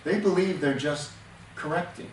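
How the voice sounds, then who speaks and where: A man's voice: a little high, normal speed. An older man, a counselor, giving an earnest teaching talk and explaining with everyday examples, often restarting his sentences. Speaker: temperament counselor. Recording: echoey room, distant mic, faint noise.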